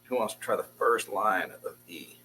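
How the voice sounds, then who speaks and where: In a classroom language lesson, a man patiently drills beginners on Hebrew syllables and cheers his students on. His fairly low voice is expressive, pushed and bright at normal speed, and the poor audio carries a bit of hiss or hum.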